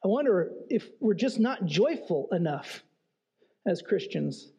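A man's voice: sits high, big pitch swings, a little slow, mellow, breathy edge. A man preaching a sermon in an earnest, emphatic way, posing rhetorical questions and repeating key phrases. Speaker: pastor.

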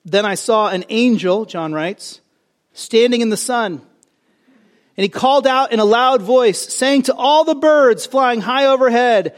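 A male pastor preaching a sermon, animated, building to loud emphatic phrases and dropping into joking asides. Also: very high voice, unhurried.

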